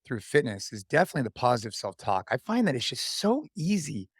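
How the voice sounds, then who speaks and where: With a husky mid-range voice and a fast delivery, this podcast guest, a CrossFit athlete in his thirties, keeps things casual and full of energy. He sounds like a fitness coach hyping someone up, peppering his talk with "dude" and "man," recorded at studio quality with no echo.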